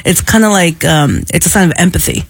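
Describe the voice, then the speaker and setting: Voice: medium pitch, fairly quick, gravelly, breathy edge. Radio co-host, casual banter, chatty, giggly.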